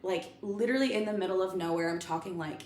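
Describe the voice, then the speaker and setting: A woman telling a personal story in a casual chat, animated and often laughing. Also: fairly low pitch, quick pace. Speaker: guest. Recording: echoey room, faint background ambience.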